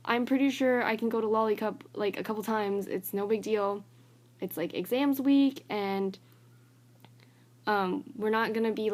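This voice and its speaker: A young college-age woman rants to her phone camera in a casual vlog, and her voice sits at an ordinary middle pitch. She rambles and stacks "like" into nearly every phrase, sounding fed up and exasperated. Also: a little mellow. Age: young adult. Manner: rambling, filler-heavy, says "like" constantly; annoyed and exasperated. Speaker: college student vlogger.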